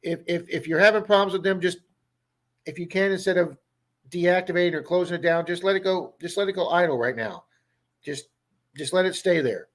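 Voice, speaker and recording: Chatting on a casual livestream, a high-voiced man with a Baltimore accent talks fairly quickly and answers viewers' comments by name. He comes from the Baltimore area in the USA.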